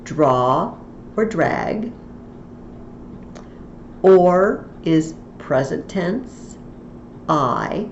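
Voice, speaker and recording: A woman with a fairly low voice teaches a Latin tutorial in a slow, patient, step-by-step way. Her voice sits in a roomy space with faint ambient noise, and the recording sounds a little muffled. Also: lively intonation.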